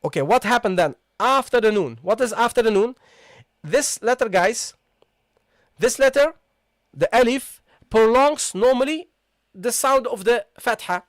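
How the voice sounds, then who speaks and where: High-voiced man teaching recitation. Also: expressive, dry recording, studio quality. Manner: explains step by step, repeats words slowly and asks "okay, guys?". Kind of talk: live online tajweed lesson.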